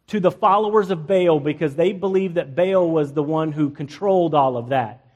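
A male pastor preaching a lively, conversational sermon, joking with the congregation and acting out the people in the story. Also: sits high, normal speed. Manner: acts out biblical characters in playful asides, jokes with the congregation.

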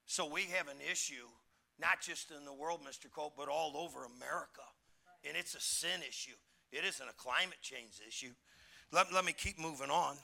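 A man delivers a sermon with a high, gravelly voice that has a piercing, tense edge. He preaches with emphasis, calls on the congregation to repeat lines back, and swells into shouts. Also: normal speed. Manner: animated, breaks into shouts. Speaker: pastor.

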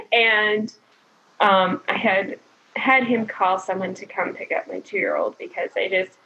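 A woman casually telling her birth story as a guest, chatty and animated, quoting people often. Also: mid-range voice, slow pace. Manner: chatty, animated retelling with frequent "like" and laughter. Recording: dull lo-fi recording.

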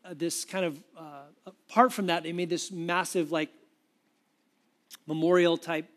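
Animated high-voiced male preacher. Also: measured pace. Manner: animated, conversational storytelling. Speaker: pastor. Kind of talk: sermon.

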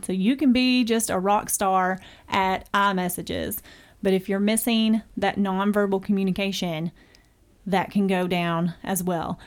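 A woman's voice: medium pitch, darkish tone. A middle-aged woman hosting a podcast discussion, talking in a matter-of-fact way and telling stories with animation. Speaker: host.

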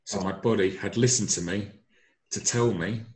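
A man's voice: lowish voice, moderate pace. A middle-aged man, telling his personal story earnestly and emphatically, often repeating his words. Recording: echoey room.

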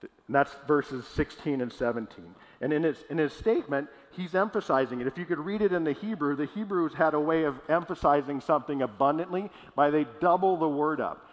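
A man's voice: a little high, lively intonation, fairly quick. A man preaching a sermon as pastor, in a casual, conversational way. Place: church hall. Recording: long hall reverb.

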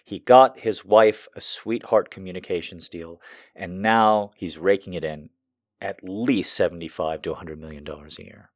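A very deep-voiced man delivering a fired-up political rant, swearing freely and letting his emotions show. His voice sits low, close and dry, with no room around it. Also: normal speed, no echo. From United States. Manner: heated, profane, emotional. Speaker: political commentator.

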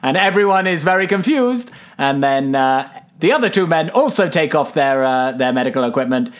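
A man's voice: on the high side, lively intonation, normal speed. A man casually recapping a film on a podcast, playful and rambling, often breaking into silly character voices. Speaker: podcast co-host.

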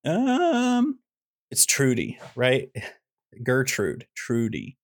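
A man co-hosts a movie podcast, talking at a middling pitch. He rambles and jokes, slipping into mock rants and silly asides. The sound is dry and close, with no room echo. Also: huge pitch swings, very slow. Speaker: podcast co-host reviewing a movie. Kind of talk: casual comedic review chat.

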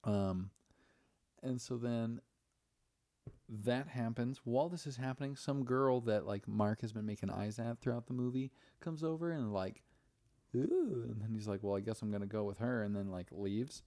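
A man's voice: mid-range voice, moderate pace, mellow, dry recording, clean studio sound. A young man podcast host casually recapping a movie, rambling, swearing, and acting out the characters' lines.

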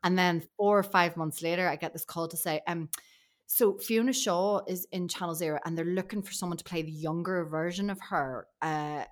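Northern Irish actress guest, lively storyteller, lowish pitch, casual pod chat. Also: female voice, normal speed. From Northern Ireland. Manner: chatty, animated storytelling with laughs.

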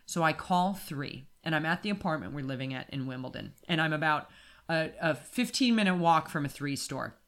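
Animated ranting woman podcaster. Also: low voice, a little fast. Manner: animated ranting, acts out her own shouting. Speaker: podcast co-host. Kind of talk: casual podcast storytelling. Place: apartment in Wimbledon.

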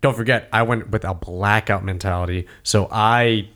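A man co-hosting a casual movie recap podcast, animated and swearing as he acts out his reactions. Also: fairly low pitch, normal speed. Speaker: podcast co-host.

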